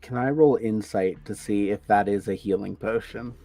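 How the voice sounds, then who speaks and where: A man's voice: fairly low pitch, moderate pace, dark tone. A man playing a tabletop role-playing game, chatting casually and thinking aloud with hesitations. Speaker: player.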